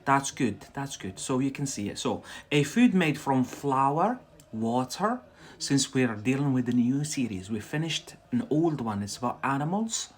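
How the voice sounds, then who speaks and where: Scottish male English teacher, livestream lesson, chatty, unhurried, repeats words for learners. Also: medium pitch, sing-song, breathy edge. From Scotland.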